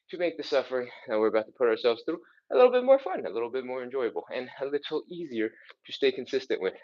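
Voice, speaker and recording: A man's voice: fairly high pitch, darkish tone, highs cut off. A man coaching a live follow-along stretching workout, counting reps and out of breath as he exercises. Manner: counts reps aloud, casual and encouraging, sighing between moves. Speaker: fitness instructor.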